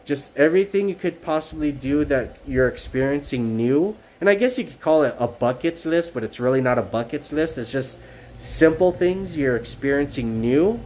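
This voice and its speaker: A man's voice: a little high, expressive, normal speed, darkish tone. A man livestreaming from his phone, talking earnestly in a rambling way, with lots of fillers, restarts and repetition. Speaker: streamer. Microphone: cell phone.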